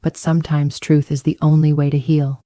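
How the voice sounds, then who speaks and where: A soft-spoken, weary father, as a woman reads him out in a low, mellow voice. The sound is dry and close. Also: level tone, normal speed, no room sound, natural voice. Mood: gentle. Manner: gentle, heavy-voiced. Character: gentle, tired father.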